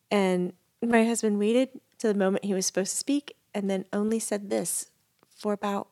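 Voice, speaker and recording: A woman's voice: mid-range voice, moderate pace. A middle-aged woman co-hosting a podcast, telling funny stories in casual chat and laughing often. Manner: giggly, animated storyteller. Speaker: podcast co-host, medium.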